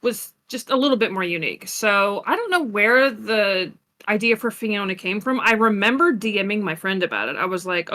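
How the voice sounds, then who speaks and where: A woman guest in a casual chat, telling animated stories and laughing easily. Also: mid-range voice, normal speed. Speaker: guest roleplayer.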